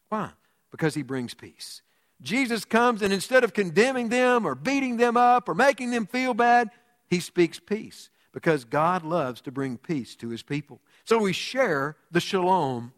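A man preaching a sermon as pastor, telling stories with big swings from loud to hushed. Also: high-pitched, long reverb tail. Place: church sanctuary.

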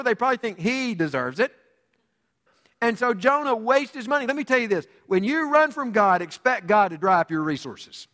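Guy preaching, high voice, goes loud then real quiet, echoey hall. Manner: dramatic preaching, swinging from loud to hushed. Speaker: pastor. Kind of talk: sermon.

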